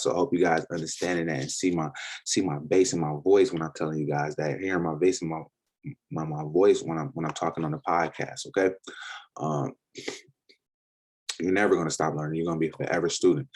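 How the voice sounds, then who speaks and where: A man gives a casual trading lesson. His voice sits very low with a husky edge. He loops back over points and keeps checking in with his listeners. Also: a little mellow. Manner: casual, repetitive, addresses viewers as guys. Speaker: trading educator and podcast host. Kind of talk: casual screen-share lesson.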